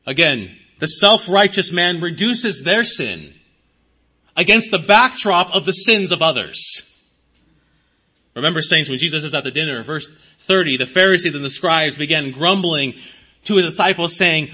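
A man preaching a sermon as pastor, swinging his pitch and volume for emphasis and acting out imagined speakers. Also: expressive, moderate pace, sharp tone, husky.

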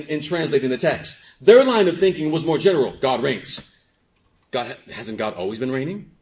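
Man preaching with hushed-to-emphatic swings. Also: fairly high pitch. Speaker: pastor. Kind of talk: sermon. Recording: dull lo-fi sermon recording.

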